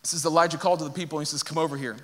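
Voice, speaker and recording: Bright-voiced preacher man in a reverberant hall. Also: fairly high pitch, rapid-fire. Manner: animated, joking, reads scripture aloud. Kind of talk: sermon.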